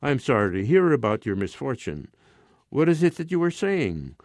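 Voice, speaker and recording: A man's voice: medium pitch, big pitch swings, normal speed, darkish tone, dry recording. A man voicing a courteous, educated landowner. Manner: courteous, formal. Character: polite educated landowner, former cavalry officer.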